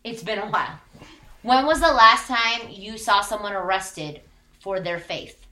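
A woman's voice: mid-range voice, measured pace, bright, forceful tone, roomy sound. A woman pastor in her thirties giving a candid, conversational sermon with emphatic repetition.

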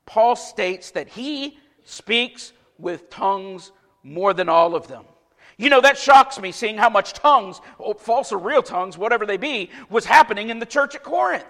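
A man's voice: high-pitched, lively intonation, unhurried, bright, forceful tone. A man preaching a sermon as pastor in a church, emphatic, with many rhetorical questions. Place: church sanctuary. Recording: long reverb of a church hall.

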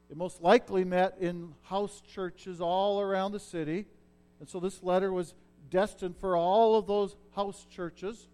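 A middle-aged man with a notably high voice preaches a sermon. He talks like he's chatting with the congregation and often stops to ask if they're following. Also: a little mellow, smooth. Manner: conversational preaching, checks in with listeners. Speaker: pastor.

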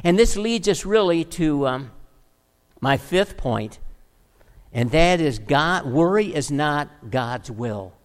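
A pastor delivering an emphatic sermon full of rhetorical questions. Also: male voice, a little high, expressive, slow, big-room sound.

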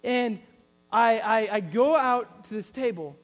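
A man's voice: very high-pitched, measured pace, long reverb tail. A man preaching a sermon in an earnest storytelling way, often restarting his sentences.

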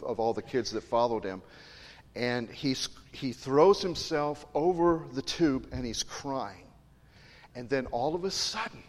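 Chatty preacher in an echoing church. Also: male voice, mid-range voice. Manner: conversational, digressive, joking with the congregation. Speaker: pastor. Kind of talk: sermon. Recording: long reverb in a large hall.

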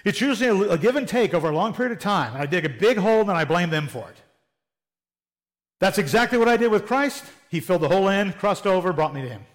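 A man's voice: high-pitched, lively intonation, quick pace. A man preaching a sermon in a plain-spoken, conversational way, often acting out little quoted exchanges. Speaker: pastor.

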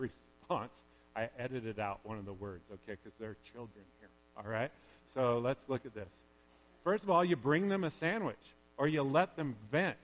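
Animated pastor in a reverberant hall. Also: male voice, mid-range voice, slight background noise. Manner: conversational and animated, often adding "okay?". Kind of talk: sermon. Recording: long reverb of a large hall.

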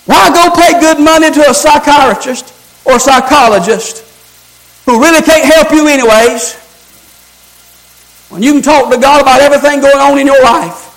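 High-pitched gravelly preacher man. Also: normal speed, pauses often, rough recording. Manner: rising to shouts, call-and-response preaching. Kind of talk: sermon.

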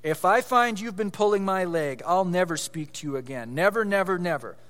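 A man's voice: sits high, sing-song, moderate pace, a bit bright, long reverb tail. A man reading an indignant young schoolgirl. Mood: fierce. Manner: fierce, indignant.

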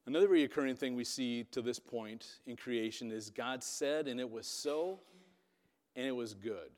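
A man preaching a sermon, telling a Bible story dramatically with loudness that rises and falls. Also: medium pitch, lively intonation, a little slow. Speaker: pastor. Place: church hall. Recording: long reverb of a hall.

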